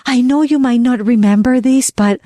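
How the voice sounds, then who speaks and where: A woman's voice: normal speed, no echo. A woman co-hosting a wellness podcast, telling a story in casual chat and acting out the people she quotes with big jumps in voice. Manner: animated, acts out quotes with big pitch jumps. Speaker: podcast co-host.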